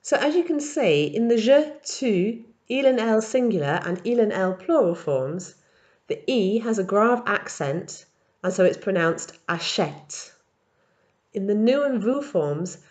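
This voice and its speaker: A woman teaching in a recorded language tutorial, explaining verb patterns step by step and modelling each form slowly. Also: mid-range voice, a little mellow. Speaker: French teacher.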